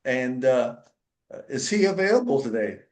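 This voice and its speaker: A frustrated father holds his patience and keeps his tone polite, as a man acts him out. The voice stays close to the man's own, with a mid pitch and a roomy echo. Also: big pitch swings, normal speed, a little mellow, lightly acted. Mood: strained. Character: flustered father trying to stay calm.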